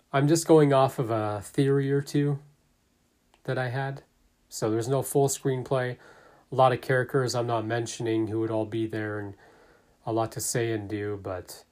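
A man's voice: lowish voice, fairly even intonation, unhurried, a little mellow. A man casually narrating and commenting on his own fan theory, thinking aloud with fillers. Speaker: fan theory video maker.

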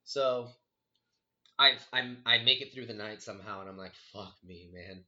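Brief: young guy, bright forceful voice, animated and sweary, muffled lo-fi sound. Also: medium pitch, normal speed. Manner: animated, swearing, heavy on 'like' and 'dude'. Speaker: storyteller. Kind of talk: casual storytelling chat.

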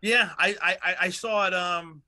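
A man's voice: high voice, steady tone, moderate pace, bright, forceful tone. A man in his thirties chatting casually on a podcast, rambling with lots of fillers and swearing. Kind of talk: casual chat.

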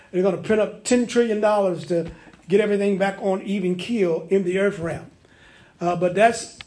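A man's voice: sits high, darkish tone. A man preaching a sermon, reading scripture emphatically and often restarting his sentences. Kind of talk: sermon recorded on tape.

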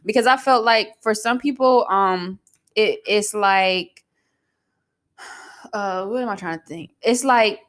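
A woman's voice: mid-range voice, slow, long pauses, fairly bright tone. A young adult woman co-hosting a podcast, chatting casually in a blunt, profane, slangy way. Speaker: podcast co-host. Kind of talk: casual chat.

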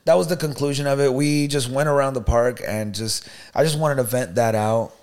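A man co-hosting a podcast, telling a story in a lively, slangy way and often asking "you know what I mean". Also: medium pitch, brisk. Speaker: podcast co-host. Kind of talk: casual storytelling chat.

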